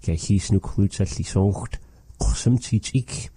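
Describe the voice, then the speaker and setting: A man's voice: on the low side, measured pace, mellow, breathy edge, dry recording. A man teaching a language lesson, patiently explaining phrases and repeating words.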